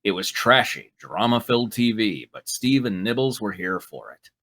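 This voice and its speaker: A man's voice: lowish voice, lively intonation, normal speed, a bit bright. A man hosting and narrating a live fan fiction read-through in a playful, joking manner. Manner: playful, breaks to laugh and comment. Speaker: narrator and show host.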